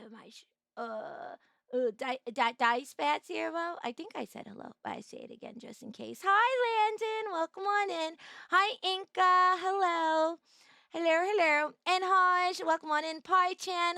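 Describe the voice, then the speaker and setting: A woman's voice: high voice, sharp tone, dry recording, studio quality. A woman streamer chatting casually on a live stream, greeting viewers by name in a bubbly, playful way.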